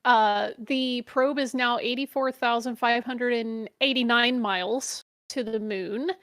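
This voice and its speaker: A woman with a slightly high voice chats casually as a co-host. She is teasing and talkative, and keeps the exchange light. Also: steady tone, a little slow, fairly bright tone. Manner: teasing, chatty, laughs easily. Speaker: co-host reacting to a video. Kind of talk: casual chat.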